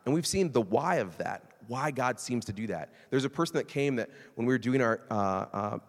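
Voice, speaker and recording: A man preaching a sermon in a conversational, animated way, sometimes acting out quoted voices. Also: mid-range voice, moderate pace, in a large hall. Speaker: pastor.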